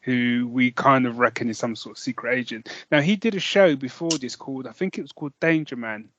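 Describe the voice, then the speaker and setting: A man's voice: mid-range voice, a little fast, a bit bright, no room sound. Chatty English man co-hosting a podcast. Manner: chatty, rambling, with playful put-on voices. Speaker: podcast co-host. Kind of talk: casual chat. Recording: dull, dry sound.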